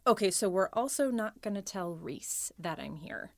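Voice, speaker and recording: A woman's voice: mid-range voice, animated, normal speed, creaky, no echo. A woman voicing a bubbly young woman in a mid-range voice. She sounds upbeat, teasing and affectionate. The recording is dry and close.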